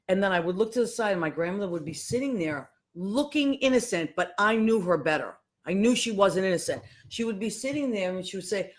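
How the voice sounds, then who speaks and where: Woman, fifties, casual storytelling, animated, acts out voices, podcast host, mid pitch. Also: a little fast, hardly any pauses. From Boston, USA. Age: 50s. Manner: animated, acts out voices of people in her stories.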